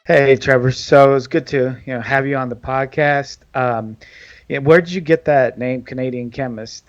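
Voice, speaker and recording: A man's voice: medium pitch, steady tone, moderate pace, lo-fi sound, faint music behind. A man hosting a podcast, introducing a guest and asking questions with brief, friendly acknowledgements. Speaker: podcast host. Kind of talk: casual interview hosting.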